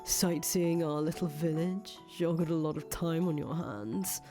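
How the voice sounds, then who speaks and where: A rude, guarded village boy, as a woman acts him out, low and drawling as he mocks and brushes people off. He is scornful and foul-mouthed, with an even, unhurried delivery over faint background music in a visual novel reading. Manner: curt, drawling, mocking. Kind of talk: fan voice acting of a visual novel.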